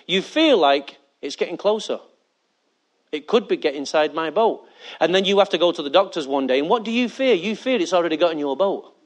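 A male pastor preaching a sermon, emphatic and often asking the congregation for agreement. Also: a little high.

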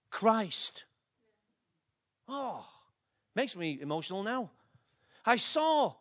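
Male pastor with a very high voice, preaching an emotional, fervent sermon. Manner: fervent, emotional, with big swings in pitch and loudness.

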